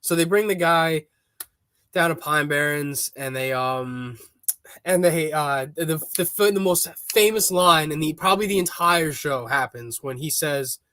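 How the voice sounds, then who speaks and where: Slightly high-voiced rambling podcast host, man. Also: unhurried, pushed and bright, dry recording. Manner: rambling storyteller, many fillers and restarts. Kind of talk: casual chat.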